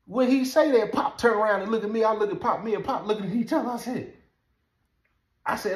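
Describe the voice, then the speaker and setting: A man telling a story in a casual, animated way, laughing often and asking "you know what I'm saying". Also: sits high, fairly quick. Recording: roomy echo.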